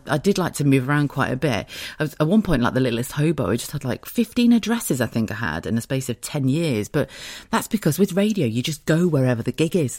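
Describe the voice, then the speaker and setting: A woman's voice: sits low, no echo, studio quality. A woman in her thirties from southern England, hosting her podcast in a chatty, giggly, storytelling way. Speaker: podcast host. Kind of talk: casual chat.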